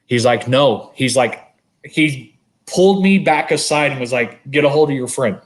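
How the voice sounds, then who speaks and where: A man co-hosting a podcast, telling a long story in casual, animated chat and swearing freely. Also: medium pitch, moderate pace. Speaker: podcast co-host.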